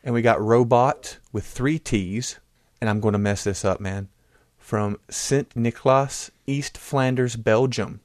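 This co-host of a casual American podcast speaks a little slowly, with a medium-pitched, somewhat dark voice. He reads listener messages in an easygoing, joking way but fumbles the place names. The dry recording has studio quality.

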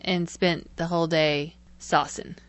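Woman cohost, kinda low voice, giggly and playful, dry room sound. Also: level tone, measured pace, dry recording. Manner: laughs often, playful. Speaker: podcast co-host. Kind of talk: casual chat.

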